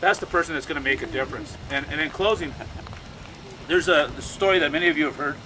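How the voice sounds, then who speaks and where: A man's voice: fairly high pitch, fast. A man speaking to a crowd outdoors as an activist, telling stories in an urgent way and often repeating his words. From United States. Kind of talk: impassioned outdoor speech. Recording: noisy outdoor recording.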